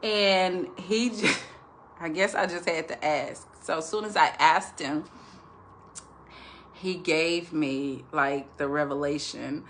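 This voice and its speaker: A woman's voice: low voice, takes it slowly, a bit bright, a little hiss or hum. A woman sharing a casual faith testimony with viewers, chatty and rambling, turning earnest when she speaks of revelations. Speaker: Christian devotional speaker.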